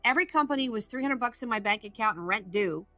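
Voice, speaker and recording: Bright, emphatic woman telling her story. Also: fairly high pitch, fast talker, no room sound, faint music behind. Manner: emphatic, animated, acts out quoted voices. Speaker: guest, addiction recovery coach. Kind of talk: podcast interview storytelling.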